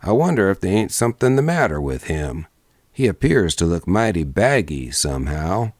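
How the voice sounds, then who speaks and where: A shrewd frontier gambler with an easy, careless drawl, read by a man in a storybook audiobook. The voice sits low and quiet, and the recording is dry and close. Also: very animated, normal speed, no echo. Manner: drawling, careless folksy speech. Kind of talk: audiobook character voice.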